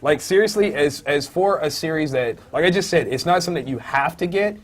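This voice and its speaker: A man co-hosting a casual comic book review podcast, thinking aloud with many fillers and breaking into loud, high-pitched outbursts when excited. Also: fairly quick. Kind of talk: casual chat.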